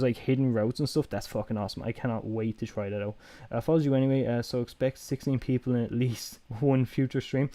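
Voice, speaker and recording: A man's voice: medium pitch, mellow, dry recording. A young Irish man with a toned-down Dublin accent, chatting casually on a live stream, swearing freely and restarting his sentences. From Ireland.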